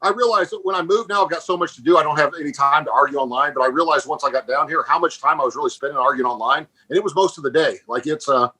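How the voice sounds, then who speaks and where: A man's voice: on the high side, bright, forceful tone, husky, low-quality recording. A man co-hosting a podcast, telling blunt stories in casual chat and laughing at them. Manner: fast storytelling, blunt, laughs at his own stories. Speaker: podcast co-host.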